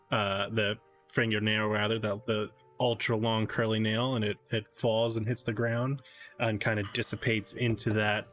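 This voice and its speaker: Casting: low-pitched man, game master narrating a tabletop game, easygoing and hesitant. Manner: relaxed, hesitant narration with fillers.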